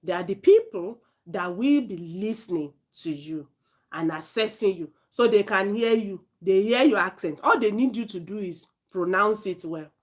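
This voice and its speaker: A woman with a Nigerian accent giving an informal spoken lesson as an IELTS tutor, chatty and animated, often correcting herself mid-sentence. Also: medium pitch, normal speed.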